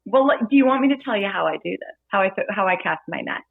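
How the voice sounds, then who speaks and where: A woman's voice: medium pitch, quick pace, gravelly, husky, no echo. Guest: playful female bartender, storytelling energy, thin phone-line sound, dry. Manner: lively, playful, laughs while telling stories. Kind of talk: casual storytelling interview.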